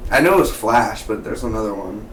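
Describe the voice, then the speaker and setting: A man giving a casual, excitable spoken review of a TV episode, chatty and full of "man" and "dude". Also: on the low side, brisk. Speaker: TV show reviewer. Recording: echoey room, mic at a distance, faint background hum.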